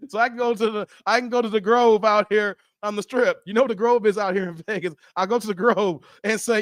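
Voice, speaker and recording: A man's voice: high voice, steady tone, brisk, dry recording, studio quality. Laughing man chatting on a live stream. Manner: laughs often, loose joking banter with chat. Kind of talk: casual live-stream chat. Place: Las Vegas.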